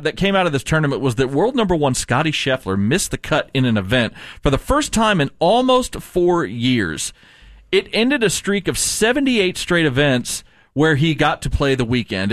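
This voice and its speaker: A man's voice: fairly high pitch, no echo, studio quality. A man hosting a casual sports news show, reading headlines and laughing with co-hosts. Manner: lively, laughs often, reads news items.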